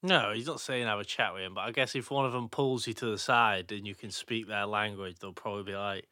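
A man's voice: on the low side, fairly quick, dry recording, clean studio sound. A young man, co-hosting a casual podcast chat, joking and swearing freely. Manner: jokey, swears freely, animated. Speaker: podcast co-host.

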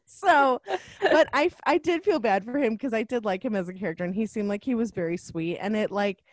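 A young woman in casual chat about a film, animated, laughing often and full of fillers. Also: medium pitch, fairly quick, no room sound.

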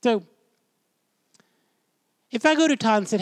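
A man's voice: very high voice, animated, a little slow, no echo. A man teaching a Bible class in a chatty, storytelling way, putting questions to his listeners. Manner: conversational, quizzes the class, storytelling.

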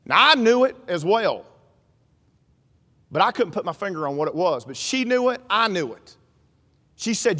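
Middle-aged male preacher, storytelling sermon, very high voice, big hall reverb. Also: lively intonation, moderate pace, long pauses. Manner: storytelling preacher, builds to shouting. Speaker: pastor. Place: church sanctuary.

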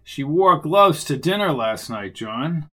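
A man's voice: a little high, animated, takes it slowly, bright, forceful tone, exaggerated voice. A man reading the lines of a grumpy, sarcastic male detective in a clipped manner. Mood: gruff sardonic.

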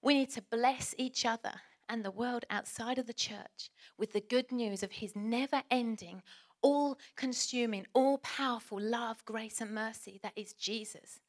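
A woman preaching a passionate sermon, swinging from loud exhortation to hushed whispers. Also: fairly high pitch, measured pace.

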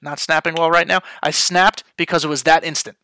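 A man's voice: on the high side, fairly even intonation, fairly quick, sharp tone, a little hiss or hum. A young man hosting a podcast, chatting off the cuff with lots of fillers. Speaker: podcast host. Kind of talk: casual podcast chat. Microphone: headphones and studio mic.

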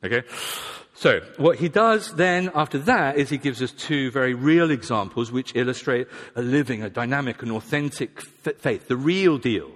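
A man with a medium-pitched, slightly bright voice speaks at normal speed while preaching a sermon. His style is conversational and self-deprecating, and he sometimes acts out the voices of imagined people. The recording has a long hall reverb.

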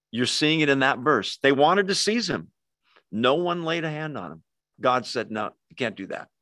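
Man, sermon, conversational, animated storytelling, dry sound. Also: a little high, dry recording. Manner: conversational, animated storytelling with quick asides to the congregation. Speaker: pastor.

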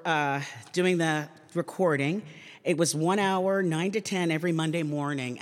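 Wry woman telling stories in a hall. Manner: lively, wry, self-deprecating storyteller with sudden pitch jumps. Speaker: comedian and commentator giving a talk. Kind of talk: comic storytelling to a live audience. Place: large public hall. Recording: long reverb in a large hall.

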